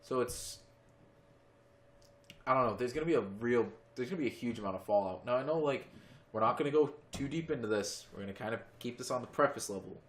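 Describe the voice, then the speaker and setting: A man's voice: mid-range voice, fast. A young man co-hosting a casual podcast, rambling and joking while drinking a beer. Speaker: podcast co-host. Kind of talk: casual chat.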